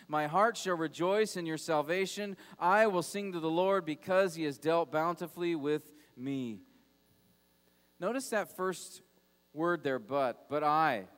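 A man preaching a sermon as pastor, moving between loud urgent passages and quiet, low, emphatic ones. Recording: long hall reverb.

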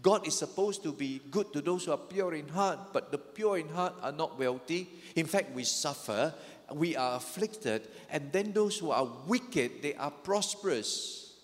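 A man's voice: on the high side, lively intonation, measured pace. A man preaching a sermon as a pastor, emphatic, acting out the psalmist's lament with rising energy. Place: church sanctuary. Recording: long hall reverb.

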